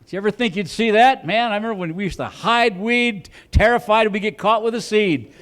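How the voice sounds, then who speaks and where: A comedian from Chicago performing a stand-up set on a club stage, acting out cops with loud siren noises and mock accents. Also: male voice, sits high, a little fast.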